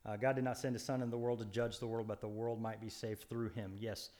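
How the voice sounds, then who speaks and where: A man's voice: lowish voice, flat delivery, fairly quick, a little mellow. A man co-hosting a Bible study, explaining scripture in an earnest, preacherly way with frequent restarts and emphatic stresses. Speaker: co-host Bible teacher.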